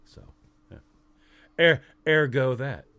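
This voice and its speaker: A man's voice: medium pitch, slow pace, fairly bright tone, clean tone. A man co-hosting a podcast, talking in playful, rambling casual banter. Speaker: podcast co-host.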